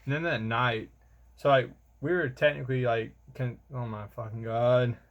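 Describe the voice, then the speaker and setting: A man's voice: medium pitch, fairly even intonation, normal speed, muffled recording. A young man, telling a rambling, slangy vlog story about army training and calling the listener bro. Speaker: soldier vlogger.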